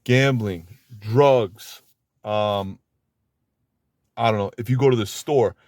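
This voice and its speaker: Ex-con talking straight, low voice, dry close sound, emphatic. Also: male voice, slow, a little mellow, no echo. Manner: blunt, streetwise, emphatic. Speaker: former inmate giving advice. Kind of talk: casual advice monologue.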